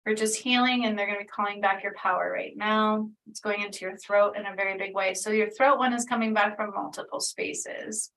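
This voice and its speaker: A woman's voice: mid-range voice, steady tone, fairly quick, hardly any pauses, a bit bright, recorded from a distance, slight background noise, poor audio. A woman doing a casual spiritual energy reading, talking in a meandering, earnest way full of fillers. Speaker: spiritual healer channeling energy.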